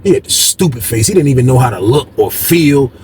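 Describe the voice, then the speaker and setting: A man casually telling a story from jail life, animated and slangy, repeating words for emphasis. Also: medium pitch, brisk, a little hiss or hum.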